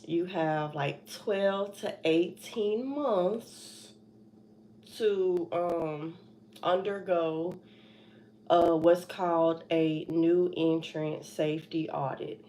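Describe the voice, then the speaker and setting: A woman's voice: lowish voice, drawn-out words, warm tone, slight background noise. A young woman hosting a casual livestream from home, anxious and rambling, sighing and laughing nervously as she talks. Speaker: trucking vlogger.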